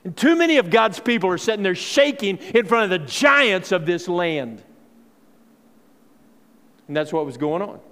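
A man's voice: on the high side, a bit bright. A man preaching a sermon, telling the story in a folksy way and acting out the characters. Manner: folksy, acts out quoted voices, many fillers. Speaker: pastor. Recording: long hall reverb.

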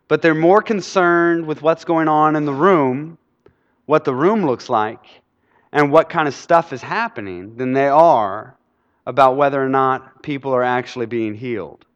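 A man preaches a sermon in a lively, animated way, constantly checking in with his listeners. His voice sits fairly high. A long hall reverb trails every phrase. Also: muffled recording. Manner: animated, keeps quizzing the audience.

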